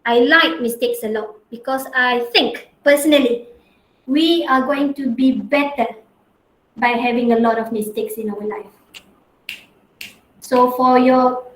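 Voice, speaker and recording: A woman's voice: high voice, roomy sound, low-quality recording. A young woman lecturing an online class from her home in a rural area. She is chatty and teasing, wears a headset and often adds a tag "huh?".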